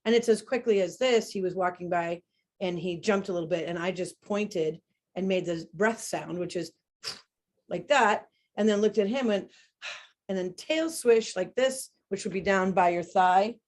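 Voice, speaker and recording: A woman teaching about horse behavior in a webinar conversation, talking in an animated way and demonstrating sounds as she explains. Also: medium pitch, moderate pace.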